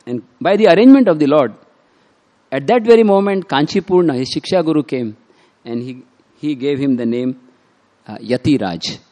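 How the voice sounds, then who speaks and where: A man's voice: a little high, expressive, normal speed, mellow. A man preaching as he retells a devotional story, acting out quotes with small laughs. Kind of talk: sermon storytelling.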